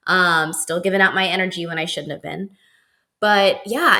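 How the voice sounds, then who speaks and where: A woman in her thirties talks through her own story in a loose, chatty way. Her voice sits a little low, and she fills it with "like" and little laughs. She sounds like the host of her own show. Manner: chatty and expressive, frequent "like" fillers and laughs. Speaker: podcast host. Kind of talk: casual personal storytelling.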